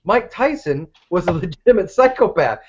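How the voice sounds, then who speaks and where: A man's voice: high voice, sing-song, moderate pace, a little hiss or hum. A man co-hosting a podcast, joking and ranting crudely in casual chat. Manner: crude, joking, emphatic rants. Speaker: podcast co-host. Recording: dull lo-fi podcast audio.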